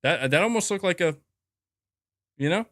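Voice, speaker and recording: A man's voice: high-pitched, expressive, normal speed, fairly bright tone, no room sound, clean studio sound. A young man hosting a casual gaming livestream, bantering playfully with his cat and reading viewer chats aloud. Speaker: gaming news streamer.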